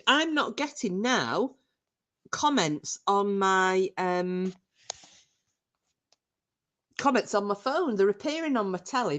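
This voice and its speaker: A middle-aged woman hosting a casual livestream, chatting and reacting to comments from her chat with frequent laughter. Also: mid-range voice. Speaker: livestream host reading chat.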